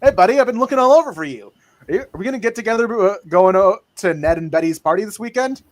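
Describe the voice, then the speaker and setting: A man voicing a loud, friendly young college jock while reading a comic aloud. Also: high voice, expressive, fast talker. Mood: hearty.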